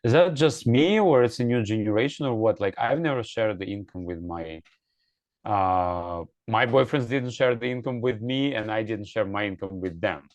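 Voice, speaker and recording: Male moderator, slightly low voice, dry close recording. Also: normal speed, dry recording. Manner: asks questions plainly, with hesitations. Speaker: host, moderator. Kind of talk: hosting a group chat.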